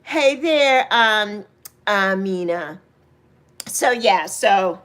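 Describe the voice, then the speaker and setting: Woman, 60s, livestream host: high, emotional, chatty with viewers. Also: very slow. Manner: warm, emotional, greets viewers by name; laughs easily, swoops up to excited highs. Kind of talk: casual livestream chat.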